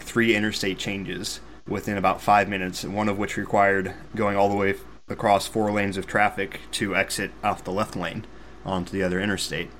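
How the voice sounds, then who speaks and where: Low-voiced young man telling a story. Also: slight background noise. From Missouri, USA. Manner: animated, self-deprecating, sarcastic asides. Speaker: podcast host. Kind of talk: casual storytelling chat.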